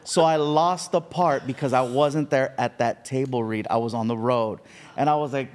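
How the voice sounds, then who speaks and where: Animated man telling stories in a reverberant room. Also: medium pitch, fairly quick. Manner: animated storyteller who acts out quoted lines. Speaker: podcast guest. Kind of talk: casual chat.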